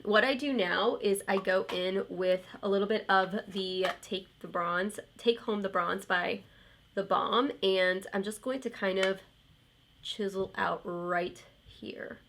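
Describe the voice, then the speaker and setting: A woman in her thirties talks through her makeup routine at home in a loose, candid way. Her voice sits at an ordinary middle pitch. She wanders off into rambling side stories and lets the odd swear word slip. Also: slow pace, fairly bright tone, slight background noise. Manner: chatty and candid, rambling asides, mild swearing. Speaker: beauty vlogger. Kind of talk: casual chat while doing a makeup tutorial.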